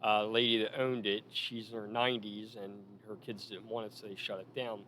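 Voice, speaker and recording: A man telling stories casually about managing in wrestling, animated and full of quoted lines. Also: on the low side, a little fast, a little hiss or hum. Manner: animated anecdotes with acted quotes. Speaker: former wrestling manager, guest. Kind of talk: casual storytelling.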